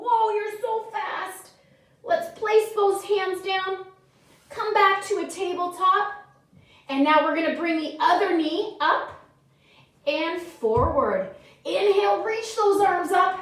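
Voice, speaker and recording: Very high-voiced, unhurried woman yoga teacher. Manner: gentle, encouraging, cueing breaths and moves. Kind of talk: guided children's yoga with storytelling. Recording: echoey room, distant mic.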